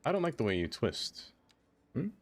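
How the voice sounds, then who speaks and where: A man streaming a game, chatting casually, talking to what he builds and answering chat, quick to exclaim in dismay when things go wrong. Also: medium pitch, very animated. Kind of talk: casual live-stream chatter while playing.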